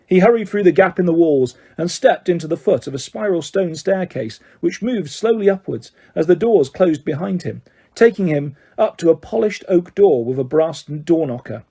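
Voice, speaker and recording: Mellow husky male audiobook narrator. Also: fairly high pitch, moderate pace. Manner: steady storytelling.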